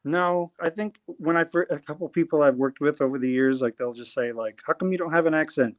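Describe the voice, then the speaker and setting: A man's voice: fairly high pitch, brisk, hardly any pauses. A man from New Jersey, a singer-songwriter guest, talking casually in an interview, rambling with many fillers and restarts.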